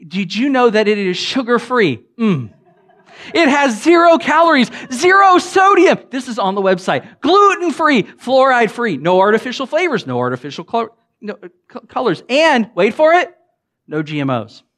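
A Southern pastor delivers a conversational sermon full of humorous stories, animated and joking as he swings between loud bursts and low asides. The man speaks at a normal speed, chatty, with frequent fillers and restarts.

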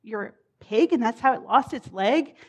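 A woman's voice: a little high, expressive, measured pace, husky. Lady playing a puzzled guy in a farm joke, curious, keeps asking questions.

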